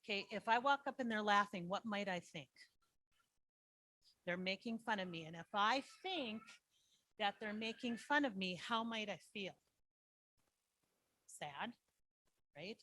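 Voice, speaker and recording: Husky-voiced woman quizzing her audience. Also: medium pitch, expressive, measured pace, pauses often, pushed and bright, dry recording. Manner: teacherly, quizzes the audience with frequent "right?". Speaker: school district social worker. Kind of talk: presentation to foster parents. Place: online meeting.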